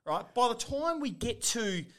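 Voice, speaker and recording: Middle-aged Australian man, lively pitch, story-spinning podcast guest. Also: a little slow. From Western Australia. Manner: animated storyteller, acts out quotes, laughs often. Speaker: podcast guest, former footballer. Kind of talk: storytelling in casual chat.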